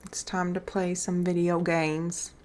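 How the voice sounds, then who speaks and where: A woman's voice: lowish voice, little pitch movement, unhurried, a little mellow, slight background noise. A woman streamer in casual chat, rambling and unsure, trailing off with fillers.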